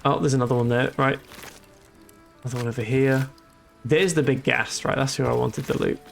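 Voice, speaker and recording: Streamer guy, gravelly voice, joking and rambling thru the game, bit of music behind. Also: mid-range voice, steady tone, fairly quick. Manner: joking, rambling, self-amused. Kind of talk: casual let's-play commentary.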